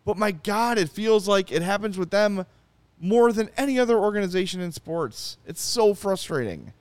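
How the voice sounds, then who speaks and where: A man's voice: sits high, animated, moderate pace, smooth, dry recording. A man with a Chicago accent hosting a sports podcast, talking casually and swearing in frustration. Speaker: podcast host.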